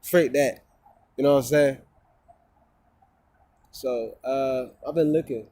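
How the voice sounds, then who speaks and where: A man's voice: mid-range voice, fairly even intonation, slow pace, warm tone, dry recording. A man talking casually to his phone camera outdoors, rambling and profane, often repeating himself. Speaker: vlogger.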